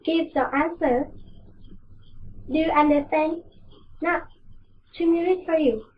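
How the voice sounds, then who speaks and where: A woman's voice: high-pitched, slow pace, far from the mic, highs cut off, a little hiss or hum. A woman with a Vietnamese accent giving a classroom task in English, hesitant and full of fillers. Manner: hesitant, many fillers and restarts. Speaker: English teacher. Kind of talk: classroom lesson instructions.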